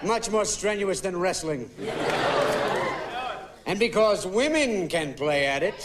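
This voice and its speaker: An actor playing a commanding middle-aged debate coach who delivers a rousing speech to a crowd. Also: male voice, sits high, expressive, takes it slowly, very noisy. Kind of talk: film acting. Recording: distant voice over a loud crowd.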